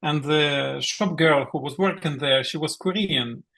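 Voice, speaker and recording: A middle-aged man from Ukraine with a Ukrainian accent, speaking haltingly over a video call as a guest theologian. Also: fairly high pitch, gravelly, pushed and bright. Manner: halting, searching for words. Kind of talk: online meeting talk.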